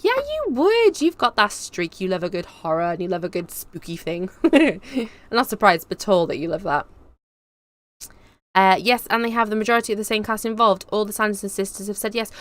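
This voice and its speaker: A woman's voice: medium pitch, a bit bright. A young woman with a Cardiff Welsh accent chats her way through a live stream, reading comments aloud. She rambles freely and laughs often, keeping a casual, easygoing tone throughout. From Wales. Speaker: YouTube host reading live chat.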